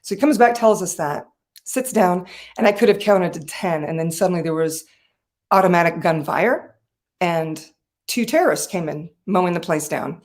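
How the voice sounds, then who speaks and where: A woman's voice: lowish voice, normal speed, darkish tone. A woman speaking as a guest on a talk show, telling a personal story with animation, often laughing and acting out the voices of people she quotes. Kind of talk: conversational storytelling.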